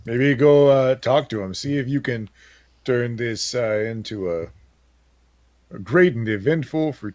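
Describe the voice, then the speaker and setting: A man playing in a tabletop game, speaking in halting bursts full of fillers. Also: medium pitch, a little mellow, dry recording. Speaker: player.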